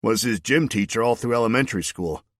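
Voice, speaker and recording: A man voicing a calm former gym teacher who quietly lays out a plan. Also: lowish voice, no echo, studio quality, voice pushed up. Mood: measured. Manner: quiet, measured.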